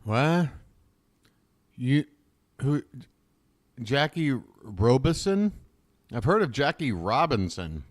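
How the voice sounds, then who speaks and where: A man's voice: mid-range voice, lively intonation, drawn-out words, pauses often, no room sound, clean studio sound. A man hosting a live stream, riffing casually and wryly, often wandering off on tangents. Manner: rambling, wry, easily sidetracked.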